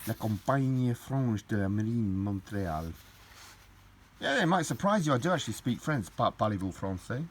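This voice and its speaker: A man's voice: on the low side, lively intonation, normal speed. A middle-aged man, chatting casually as he opens parcels, gushing and rambling with lots of repeats. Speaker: collector vlogger opening parcels. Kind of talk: casual unboxing chat.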